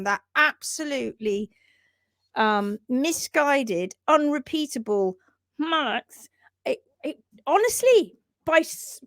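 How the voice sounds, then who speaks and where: Brief: woman, livestream host, emphatic and indignant, somewhat high, dry close sound. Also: no echo. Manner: animated, emphatic, indignant rants. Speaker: hoof trimming educator, livestream host. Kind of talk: livestream chat reading comments.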